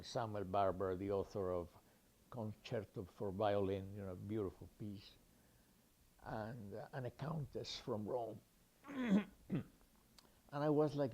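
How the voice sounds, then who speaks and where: Older man with a mellow voice, rambling. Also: lowish voice. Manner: rambling, with fillers and restarts, acts out the people he quotes. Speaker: storyteller. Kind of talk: recounting a personal anecdote.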